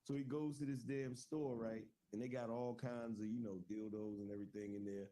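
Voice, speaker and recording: A man in a relaxed, middle-pitched voice tells a crude joke to friends. He talks loose and slangy, tossing in "right?" every few phrases. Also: fairly quick. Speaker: joke teller. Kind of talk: casual storytelling on a group call.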